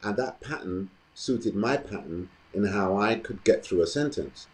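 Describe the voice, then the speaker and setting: Deep-voiced man, thoughtful. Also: lively intonation, rough recording. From London, England. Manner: thoughtful, measured, with frequent ums. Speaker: actor and guest. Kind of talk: reflective interview storytelling.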